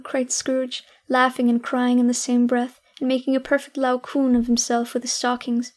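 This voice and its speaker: A woman narrating an audiobook of a classic story, expressive and lingering over descriptive phrases. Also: fairly high pitch, normal speed.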